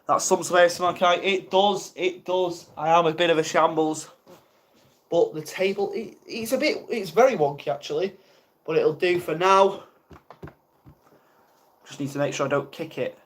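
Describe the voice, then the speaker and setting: A man's voice: a little high, normal speed, pauses often. Flustered young man on a live stream. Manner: flustered, rambling, self-mocking. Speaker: ASMR livestreamer. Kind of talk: casual live stream chat.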